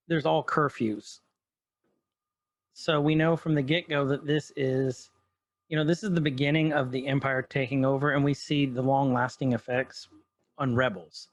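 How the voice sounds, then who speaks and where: A man on a casual chat podcast rambles through an episode recap, stopping often to clear his throat. He sounds congested, and his voice sits a touch high. The recording is close and dry, with no room sound. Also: no room sound. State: congested from pollen. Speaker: podcast co-host.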